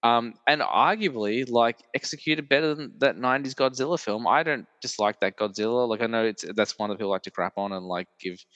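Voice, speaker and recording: A man's voice: medium pitch, fairly quick, hardly any pauses, a bit bright, dry recording, in a large hall, lo-fi sound. A man hosting a film podcast, chatting casually with many "like" fillers and easy laughs. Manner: rambling, lots of "like" fillers, laughs often. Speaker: podcast host. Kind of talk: casual chat.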